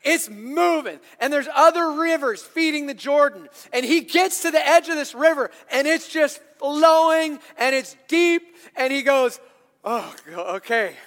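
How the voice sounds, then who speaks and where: A male pastor giving an animated sermon in a church, building to loud, emphatic bursts. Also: very high voice, unhurried, few pauses, big-room sound.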